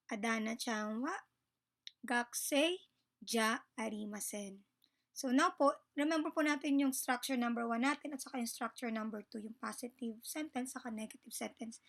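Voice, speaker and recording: Filipino woman teaching japanese basics, high voice, polite and chatty, slows down on the examples. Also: a bit bright. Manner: polite, mixes Tagalog and English, careful slow Japanese examples. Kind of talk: casual grammar lesson.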